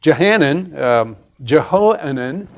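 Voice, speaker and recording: Guy teaching sunday bible class at church, voice a bit on the high side, chatty, asks the class stuff, restarts a lot. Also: animated. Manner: conversational, explains step by step with pauses and restarts.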